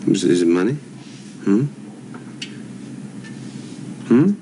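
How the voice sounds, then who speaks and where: Pleading young husband; low, gravelly, hissy old TV sound. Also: male voice, sing-song, slow, warm tone, exaggerated voice. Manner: earnest, pleading. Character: anxious young husband pleading with his wife. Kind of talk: 1970s TV soap acting. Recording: noisy old TV audio.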